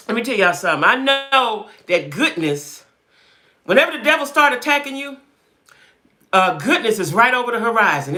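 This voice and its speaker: Animated, emphatic woman live-streaming. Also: mid-range voice. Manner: emphatic, repeats herself, reads comments aloud. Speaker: livestream host. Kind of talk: casual live-stream chat with viewers.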